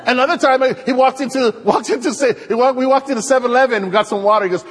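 A male preacher giving an animated, joking sermon to his congregation. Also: very high-pitched, very fast, few pauses, big-room sound. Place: church hall.

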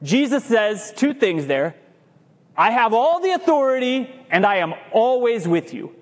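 A male pastor with a very high voice delivers a lively sermon to his congregation. He lingers on the words he wants to land and trips over himself now and then. His voice rings through the long reverb of a church hall. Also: unhurried. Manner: lively preaching, stretches key words, stumbles and restarts. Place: church sanctuary.

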